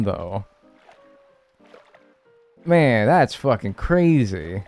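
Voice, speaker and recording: Young male streamer, lively swooping delivery, chatty joking banter with chat, faint game music under him. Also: lowish voice, measured pace. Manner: animated, joking banter with sudden mock outrage. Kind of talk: casual live-stream chat, reading viewer messages.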